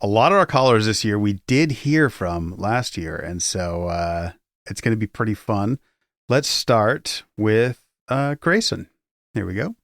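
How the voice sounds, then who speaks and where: A man's voice: lowish voice, animated, measured pace, fairly bright tone, no room sound, studio quality. A man co-hosting a casual podcast, laughing easily and steering the chat toward the next caller. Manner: laughs easily, plays the moderator. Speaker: podcast co-host.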